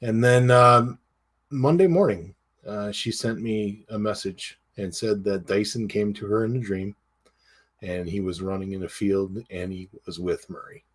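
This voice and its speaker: A man co-hosting a podcast, talking in a halting, casual way with many fillers and restarts. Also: on the low side, steady tone. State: tearful. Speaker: podcast co-host. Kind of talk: casual chat.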